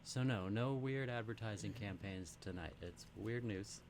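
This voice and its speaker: A man's voice: on the low side, unhurried. Chill guy co-hosting a stream from home, agrees a lot, kinda noisy audio. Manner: relaxed, agreeable, laughs along. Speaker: podcast co-host. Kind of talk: casual livestream chat. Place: home room during a livestream.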